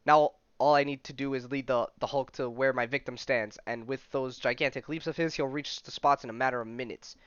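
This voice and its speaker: A man's voice: medium pitch, steady tone, brisk, hardly any pauses, a bit bright, clear, resonant tone, no room sound, close to an everyday voice. A man voicing a scheming male villain puppeteer as he reads a comic aloud, in a dull, dry recording. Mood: gloating.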